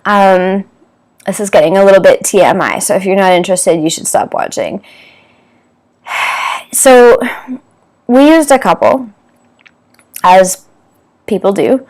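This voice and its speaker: A Canadian vlogger in her thirties recounts a personal dating experience to camera, a little slowly and pausing often. Her mid-range, darkish voice comes across as candid and rambling, peppered with fillers and self-corrections.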